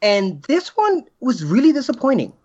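A man's voice: very high voice, huge pitch swings, normal speed, darkish tone, breathy edge, lo-fi sound. A man co-hosting a casual movie chat, earnest and critical with firm opinions. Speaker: podcast co-host.

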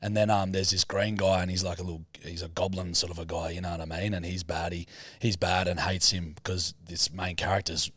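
Rambling, crude, low-voiced podcast man. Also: flat delivery, a little fast, a bit bright, no room sound. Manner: crude, rambling, heavy slang and swearing. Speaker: podcast co-host. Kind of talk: casual chat, describing a film for a guessing game.

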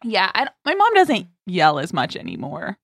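A woman co-hosting a comedy podcast, animated and quick to laugh as she riffs in casual chat. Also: on the low side, gravelly, no echo. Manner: laughs often, animated, riffing. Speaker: podcast co-host.

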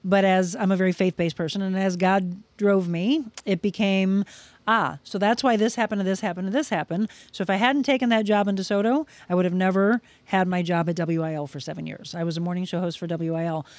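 A woman's voice: medium pitch, fairly quick, no room sound. A middle-aged woman from Missouri, a broadcaster, telling her career story in a casual interview and acting out the people in it. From Missouri, USA. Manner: animated, acts out voices in her stories. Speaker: guest, broadcaster.

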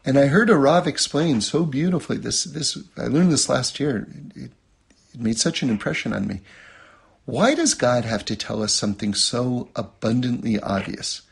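A man teaching a religious lesson, telling a personal story and acting out quotes in a much higher voice, often checking in with "okay?". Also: lively intonation, moderate pace, vocal fry, breathy edge. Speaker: Torah teacher.

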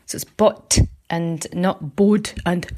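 A woman from Scotland with a softened Aberdeen accent, leaving an earnest, apologetic voice message for a podcast. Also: fairly low pitch, steady tone, slow pace. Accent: Aberdeen Scottish, softened. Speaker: caller. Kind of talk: recorded voice message.

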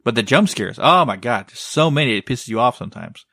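A man's voice: medium pitch, expressive, brisk, creaky, pushed and bright, slightly rough, no room sound, clean studio sound. A man chatting casually as a podcast co-host, rambling, leaning on "like" and "right?", and swearing now and then. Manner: rambling, heavy use of "like" and "right?". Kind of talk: casual chat.

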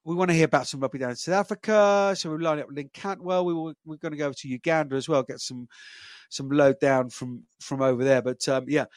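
A fast-talking man with a fairly high, fairly even voice co-hosts a casual podcast, rambling loosely with plenty of fillers and restarts. The recording has no echo.

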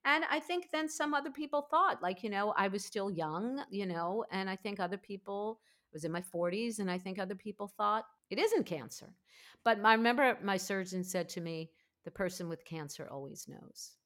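A woman in her fifties, a podcast host, telling her own story in a candid, emphatic, animated way. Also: medium pitch, fairly quick. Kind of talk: candid conversational interview.

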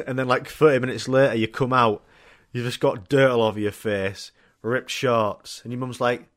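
A man's voice: medium pitch, fairly even intonation, moderate pace, a bit bright, dry recording, studio quality. Young male podcast host, rambling sweary comic monologue, laughs a lot. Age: young adult. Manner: rambling, swearing, laughing, acting out voices of people in his stories.

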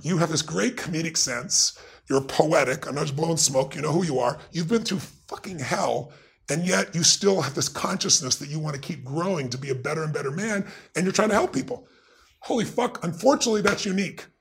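A middle-aged man with a gravelly, husky voice telling a story as a guest, intense and emphatic. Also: fairly high pitch, lively intonation, brisk. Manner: intense, emphatic, acts out the people in his stories. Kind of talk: animated storytelling in a conversation.

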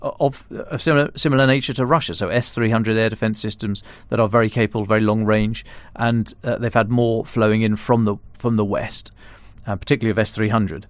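A man's fairly low, steady voice moves briskly on a dry recording as he, a defence and security editor, gives casual podcast analysis. His explanations often stop and restart mid-phrase.

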